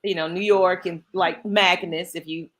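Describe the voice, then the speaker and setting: Chatty Southern woman, lowish voice. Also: steady tone, normal speed, fairly bright tone. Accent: Southern American. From Southern US, Georgia. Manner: chatty, upbeat, with lots of fillers. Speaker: podcast co-host. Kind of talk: casual chat.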